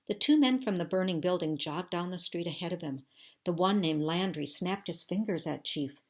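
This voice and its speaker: A teacher with a notably low voice reads a chapter book aloud to her young pupils. She tells the story in a steady, measured way, pausing between phrases.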